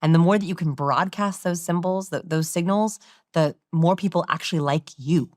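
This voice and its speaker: Low-voiced woman explaining on a podcast. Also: moderate pace, a little mellow, no echo, studio quality. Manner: demonstrative, acts out example voices. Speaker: guest expert. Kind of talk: podcast interview.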